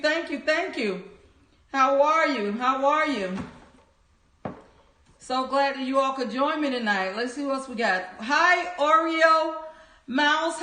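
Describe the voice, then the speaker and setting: A woman's voice: high voice, unhurried, bright, forceful tone. A woman hosting a livestream, cheerfully greeting viewers by name and reading their chat comments aloud. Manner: upbeat, cheering. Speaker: livestream host. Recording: echoey room.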